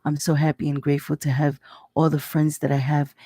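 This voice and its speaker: A woman hosting a motivational podcast from home, talking quietly so her sleeping children stay asleep, and greeting her listeners warmly by name. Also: low voice, monotone, brisk, husky, no echo. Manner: speaks softly, hushed, to avoid waking children. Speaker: podcast host. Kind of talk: casual motivational talk.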